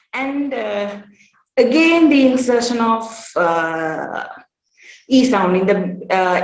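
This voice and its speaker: A woman giving an academic workshop presentation at a conference. She speaks in a measured way, often pausing on "uh" and "um". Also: a little high. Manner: measured, with frequent "uh" pauses. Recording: roomy echo.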